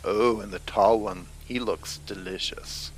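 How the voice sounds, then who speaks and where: A man's voice: lowish voice, steady tone, a little slow, slight background noise, close to an everyday voice, low-quality recording. A man voicing a crude, mocking supernatural woman who is hungry for her victims, in a read-aloud horror story. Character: sharp-tongued female supernatural, crude and hungry.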